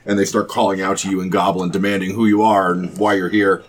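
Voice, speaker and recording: A man's voice: deep voice, little pitch movement, fast talker. A man running a tabletop game as game master, describing the scene with frequent fillers like "um" and "like".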